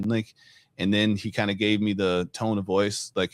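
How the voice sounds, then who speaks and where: A man's voice: lowish voice, normal speed, no room sound. A middle-aged man hosting a podcast, telling a personal story in a casual, conversational way with lots of fillers. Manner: conversational, many fillers, animated when retelling. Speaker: podcast host.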